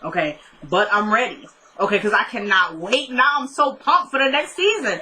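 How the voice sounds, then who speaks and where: Young woman, vlogger, casual episode recap, chatty, excitable, bright tone. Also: medium pitch, moderate pace, hardly any pauses, slight background noise. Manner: chatty and excitable, rambling with many "like"s. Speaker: TV show reviewer.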